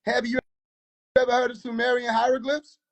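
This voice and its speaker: High-voiced man ranting mockingly. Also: level tone, brisk. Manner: boisterous and mocking, laughs often. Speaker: livestream host. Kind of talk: casual livestream rant.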